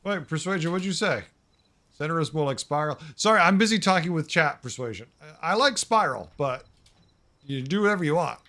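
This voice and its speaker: Streaming a building game, a Boston-accented man chats easily with his viewers. He sounds high, animated, bright and forceful, talking a little fast.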